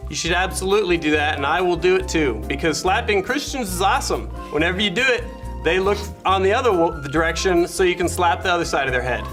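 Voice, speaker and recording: A man co-hosting a comedy web show, telling absurd stories in a deadpan, mock-reverent way. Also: sits high, fast talker, over music. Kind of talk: comedic chat, mock-solemn storytelling.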